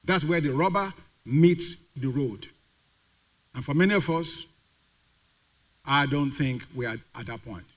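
A man's voice: medium pitch, a little slow, long pauses. A male pastor preaching a sermon to a congregation, putting questions to the crowd and having them call the answers back. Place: church sanctuary.

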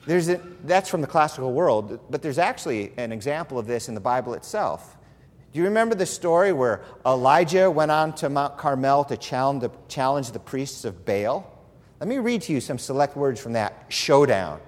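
A man preaching a sermon as a pastor, telling stories with humor and lively emphasis. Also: medium pitch, moderate pace, big-room sound. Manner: animated, humorous storytelling preacher.

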